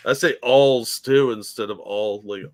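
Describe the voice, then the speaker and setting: A man's voice: mid-range voice, a little slow. A man co-hosting a live political reaction stream, bantering in a dry, easygoing way. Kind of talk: casual live reaction chat.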